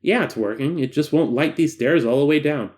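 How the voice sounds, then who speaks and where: A man voicing a frightened, blunt male test subject who swears while describing what he hears in a dark stairwell, in a horror story reading. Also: on the high side, brisk, natural voice. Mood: scared. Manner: blunt, profane and nervous.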